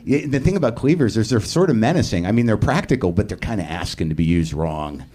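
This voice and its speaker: Rambling, profane comedy podcast host. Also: male voice, on the low side, animated, fast talker, mellow. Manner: rambling, profane, self-deprecating. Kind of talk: live stand-up-style monologue. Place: comedy theater stage, live audience.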